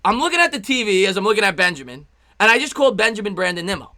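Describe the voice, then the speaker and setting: Bright-voiced, excitable baseball stream caller. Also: male voice, racing. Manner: excitable, chatty, reads out viewer chats between pitches. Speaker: live-stream baseball play-by-play host. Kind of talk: fan play-by-play commentary on a live stream.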